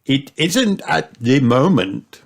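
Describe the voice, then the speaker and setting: A man voicing a jolly, playful old grandfather pig in a storybook, speaking in a hearty, drawn-out way. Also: medium pitch, very animated, gravelly, pitched above the performer's own voice, exaggerated voice.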